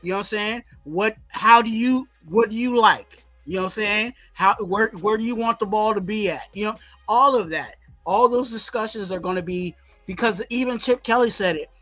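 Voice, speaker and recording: A man in casual sports talk, excited and repeating "you know what I'm saying" as he breaks down his team's offense. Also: sits high, normal speed, no room sound, soft background music. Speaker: podcast co-host.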